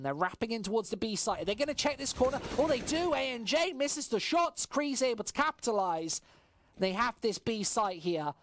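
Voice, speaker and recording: A woman from the West Midlands with a West Midlands English accent, casting a match solo on a stream, relaxed while chatting with viewers and loud at big plays. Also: on the low side, a little hiss or hum. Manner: swings from relaxed chat-reading to shouting excitement at big plays. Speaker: esports caster. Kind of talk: solo play-by-play commentary on a stream.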